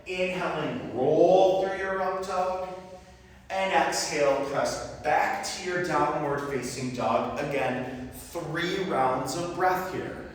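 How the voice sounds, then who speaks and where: Yoga teacher in an echoey studio. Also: male voice, fairly high pitch, slow. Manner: cueing poses in rhythm with the breath. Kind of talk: live yoga class instruction. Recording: echoey studio with long reverb, mic far off.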